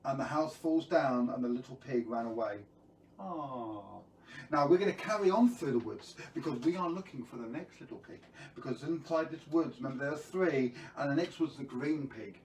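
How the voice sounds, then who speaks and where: A man's voice: medium pitch, fairly quick, hardly any pauses, darkish tone, reverberant, far from the mic, slight background noise, rough recording. A man telling a children's story on a live stream, playful and jokey, who keeps quizzing his viewers.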